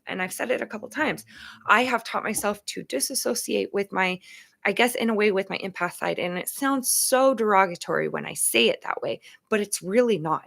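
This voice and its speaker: Gravelly-voiced woman host, emphatic. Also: mid-range voice, fairly bright tone. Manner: emphatic, chatty, open about feelings. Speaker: show host. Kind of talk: casual talk on empathy and boundaries.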